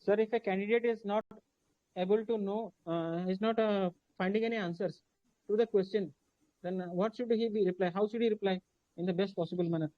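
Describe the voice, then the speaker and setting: A man's voice: sits high, fairly even intonation, fairly quick, dry recording. A man with an Indian English accent asking questions politely and deferentially, with many hesitations. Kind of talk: Q&A session. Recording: dull, dry, muffled sound.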